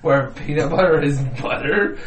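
A man's voice: a little high, normal speed. A man co-hosting a podcast in casual, crude, argumentative banter, laughing often. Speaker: podcast co-host. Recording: roomy, distant mic with faint background noise.

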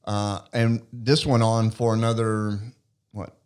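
A man telling his personal story earnestly in a relaxed podcast conversation. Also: lowish voice, slow pace, clean tone. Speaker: guest. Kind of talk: testimony in a faith podcast conversation.

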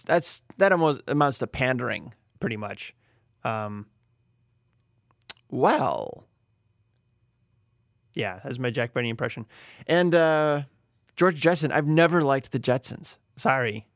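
A man's voice: mid-range voice, animated, a little slow, gravelly, no room sound, studio quality. A man hosting a podcast alone, talking casually with wry, rambling, self-deprecating asides. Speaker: podcast host. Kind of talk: casual solo podcast talk.

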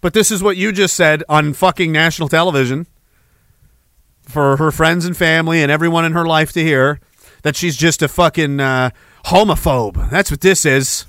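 A man's voice: fairly high pitch, moderate pace, a bit bright, no echo. A man hosting a podcast, delivering a heated, profane, sarcastic rant. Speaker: podcast host.

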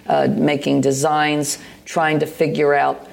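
A low, completely flat, somewhat slow voice with vocal fry belongs to a woman in her sixties from the United States. A poet and artist, she is a guest in a live stage conversation with an audience, telling meandering stories hesitantly, with many fillers and restarts.

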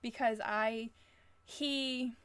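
A woman's voice: fairly high pitch, steady tone, very slow, a bit bright, smooth, dry recording. A young woman co-hosting a podcast in casual chat, rambling with many restarts and fillers. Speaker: podcast co-host.

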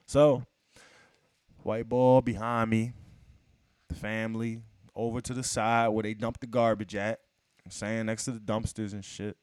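A man telling a long story in casual chat, profane and animated, acting out what people said to him. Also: on the low side, moderate pace, long pauses, clear, resonant tone, no room sound.

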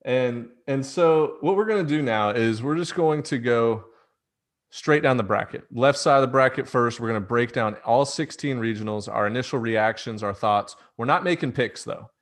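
A man's voice: medium pitch, normal speed. A man hosting a casual sports podcast, talking in a rambling way full of fillers and often laughing. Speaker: podcast host.

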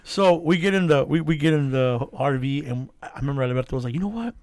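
A man's voice: mid-range voice, fairly even intonation, quick pace, a little mellow, smooth, no echo, studio quality. A man co-hosting a casual podcast chat, telling stories with lots of swearing and laughter. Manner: profane, storytelling, laughs often. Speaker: podcast co-host.

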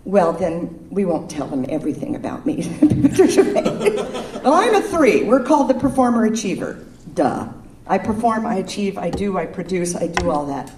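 A woman's voice: fairly low pitch, expressive, normal speed, noisy background. A woman giving an informal, playful sermon to a live audience, chatting with them and leading breathing exercises. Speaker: speaker at a spiritual service. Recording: echoey room, distant mic.

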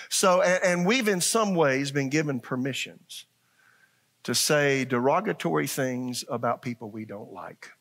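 A middle-aged pastor preaching a sermon, animated, acting out voices and asking the congregation questions. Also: male voice, mid-range voice, moderate pace.

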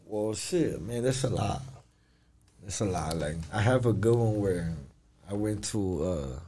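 A man's voice: on the low side, unhurried, slight background noise. A man, a guest actor and musician, telling casual stories full of slang and acting out the people in them. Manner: animated, acts out voices, laughs.

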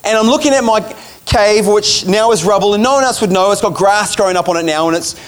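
A man's voice: high-pitched, quick pace, clear, resonant tone. A man preaching a sermon, telling a vision story in a casual, chatty way and laughing along.

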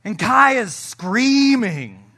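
A middle-aged male pastor preaching a sermon, joking with the congregation and swinging between loud shouting and soft asides. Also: extremely high pitch, big pitch swings, drawn-out words, vocal fry.

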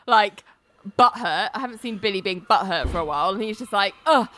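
A woman's voice: mid-range voice, animated, a little fast, fairly bright tone. A woman, casually retelling a TV episode as a podcast host, acting out the characters' lines with laughs. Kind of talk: casual chat.

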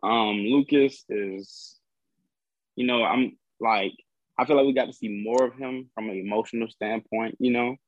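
A young man talks in a relaxed, slangy way and keeps dropping "bro". His voice is mid-pitched. The audio is a little dull and dry. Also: a little slow, no room sound. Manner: laid-back, slangy, says "bro" often. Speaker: podcast guest. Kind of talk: casual chat.

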